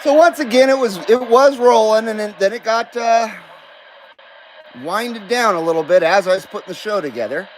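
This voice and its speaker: Guy hosting a live stream, high voice, slow easy rambling, bit of faint noise behind. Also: low-quality recording. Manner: rambling, reading chat comments aloud. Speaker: host. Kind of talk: casual live stream chat.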